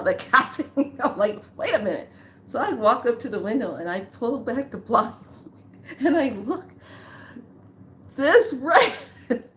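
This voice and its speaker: A woman vlogger telling a spiritual story in a casual way, acting out quoted lines with lively rises in pitch. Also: slight background noise. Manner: animated, acts out quotes with rising pitch.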